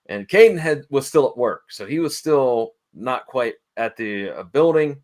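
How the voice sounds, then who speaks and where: A middle-aged man sits in as an interview guest and tells an anecdote at an easy, conversational pace. His voice sits at an ordinary mid pitch, and he slips into the voices of the people in his story. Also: measured pace. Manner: animated storyteller, acts out quoted dialogue. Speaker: interview guest, wrestling manager. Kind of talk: casual anecdote telling.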